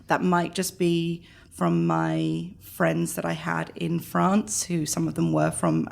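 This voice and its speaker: A woman with a London accent, a guest chatting casually in an interview, animated and quick to laugh. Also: fairly low pitch, gravelly. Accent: London English. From London, England. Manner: animated, laughs often, rapid bursts. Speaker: guest, chamber engagement director.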